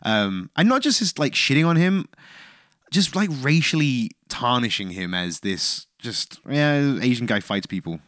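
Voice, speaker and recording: A man's voice: medium pitch, sing-song, moderate pace, a bit bright, no room sound, studio quality. A man co-hosting a film podcast, swearing often and restarting his sentences as he rants. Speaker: podcast co-host. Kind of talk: casual film review chat.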